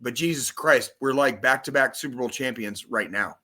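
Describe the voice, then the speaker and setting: A man co-hosting a loose podcast chat, his voice bright and forceful. He rants about football in a profane, rambling, excitable way, piling on swear words as he goes. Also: mid-range voice, moderate pace. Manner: profane, excitable, rambling sports-fan rant. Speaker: podcast co-host. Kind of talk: casual chat.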